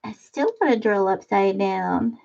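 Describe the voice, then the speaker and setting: Chatting and giggling as she reads viewers' comments, a middle-aged woman crafts casually during a livestream from her front room. Her mid-range voice is unhurried, creaky, and darkish, and the computer webcam mic cuts off the highs.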